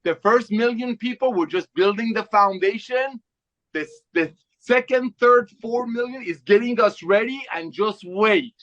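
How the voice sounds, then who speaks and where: A man giving an energetic, fervent sales pitch to company members, repeating phrases to rally the audience. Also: a little slow, muffled recording. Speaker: company co-founder speaking to members.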